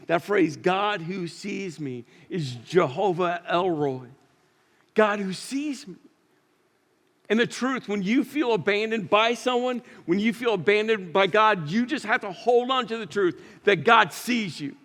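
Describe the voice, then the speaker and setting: Pastor, male, high voice, dramatic sermon delivery in a reverberant church hall. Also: lively intonation, measured pace. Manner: preaching with dramatic rises and quiet drops.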